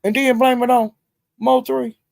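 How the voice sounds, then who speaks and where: Chatting directly with viewers by name, this woman hosts a casual livestream, laughing often and cursing freely. Her tone is level and unhurried with vocal fry, though she shifts between loud bursts and quiet muttering. Her voice is close and dry, without echo or room sound.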